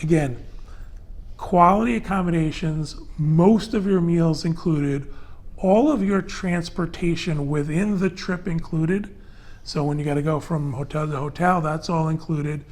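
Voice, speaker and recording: Speaking a little slowly in a slightly mellow, higher-pitched voice, a man hosts a laid-back panel podcast. He rambles conversationally with lots of fillers, walking through each price and detail one at a time.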